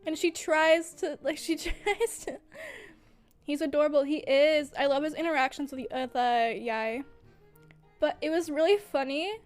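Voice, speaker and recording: High-pitched and unhurried, a young woman chats casually on her livestream with faint music behind. She gushes and giggles often, even mid-sentence, and her speech is heavy with fillers.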